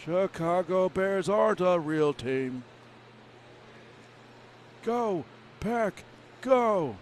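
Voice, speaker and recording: A woman putting on a boisterous old male baseball announcer voice, singing and speaking in a slow, loud drawl. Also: fairly low pitch, expressive, slight background noise. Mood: hammy.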